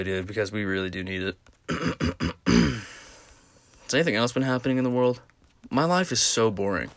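Hosting a solo podcast, a tired young man yawns his way through rambling tangents, swearing casually as he goes. His voice is fairly low, and the recording has no room sound.

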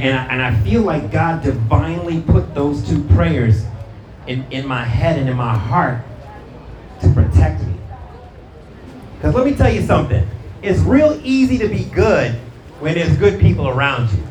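His voice sits on the high side with a darkish tone, and there's slight background noise. A middle-aged pastor from Brooklyn, he preaches a slangy, story-driven sermon to a live church-hall audience, tripping over repeated words and calling out to listeners, all captured from a distance in a roomy space with the crowd audible.

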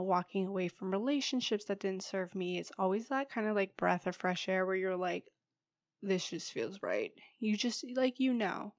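A young woman hosting a solo podcast, talking candidly and chattily while she has a head cold that makes her a little husky and stuffy. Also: mid-range voice, no echo. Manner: chatty and candid, often says "you guys" and "like". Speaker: podcast host.

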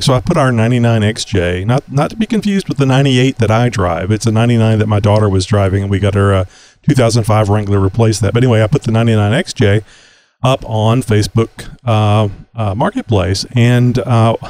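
A man's voice: lowish voice, darkish tone. Male podcast host, casual, rambling, filler-heavy delivery. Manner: rambling, many fillers and restarts, laughs often. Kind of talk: casual podcast chat over a video call. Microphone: video call.

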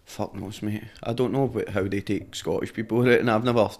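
A man's voice: fairly low pitch, fairly even intonation, brisk, a little mellow. A Glaswegian man, a rapper guest on a podcast, chatting in a laid-back way full of swearing and local slang. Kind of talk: casual chat.

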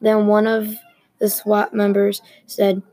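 A woman reading a story aloud at an even, unhurried pace, with small restarts. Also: medium pitch, dry recording, rough recording. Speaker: story reader.

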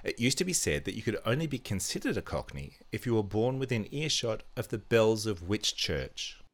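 A man co-hosting a casual podcast and running a quiz for his co-host. His voice sits very low, and his manner is playful and teasing. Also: very animated, normal speed. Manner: playful, chatty, teasing quizmaster. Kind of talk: casual chat, reading a quiz.

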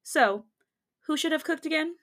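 A woman's voice: sits high, animated, moderate pace, a bit bright, voice pushed up. Woman reading as a teasing college jock. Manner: teasing, playful.

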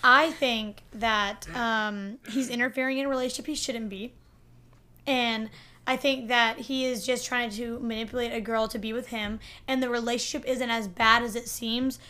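Young woman, high voice, bright and sharp, argumentative casual chat. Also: moderate pace. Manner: animated, argumentative, laughs often. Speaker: debate podcast co-host.

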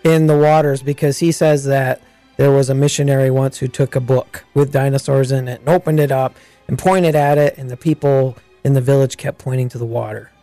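Male guest, earnest and meandering, mid-pitched, dry recording. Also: steady tone, a little fast, dark tone, no echo, soft background music. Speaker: panel guest. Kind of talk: casual group chat.

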